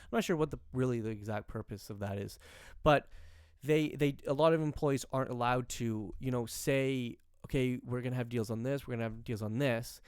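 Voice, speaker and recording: A man's voice: mid-range voice, a little fast, a little mellow, smooth, no room sound, studio quality. A young man co-hosting a podcast, telling a rambling story in casual chat and acting out the people in it. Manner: rambling, restarts, acts out quoted people. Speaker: podcast co-host.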